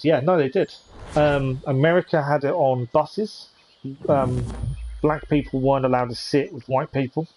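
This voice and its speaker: A British gaming streamer with a fairly high yet darkish voice plays live, chatting casually with viewers. He sounds hesitant and fills his talk with lots of ums.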